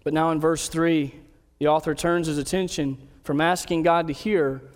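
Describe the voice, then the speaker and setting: A man preaching a sermon as pastor, earnest, slowing down to read scripture aloud. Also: fairly high pitch, steady tone, big-room sound.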